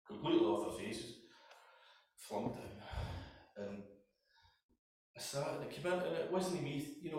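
Scottish man, middle-aged, emotional church testimony, heavy hall echo, mic set back. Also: medium pitch. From Scotland. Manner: emotional storytelling, voice breaking into tears at times. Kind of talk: personal testimony. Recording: echoey hall, distant mic.

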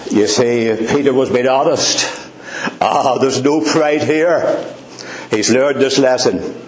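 A man's voice: mid-range voice, slow pace, a little hiss or hum. A man preaching a sermon, addressing the congregation by name with fervent, repeated emphasis. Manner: speaks directly to congregation members by name. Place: church hall before a congregation. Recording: roomy hall echo.

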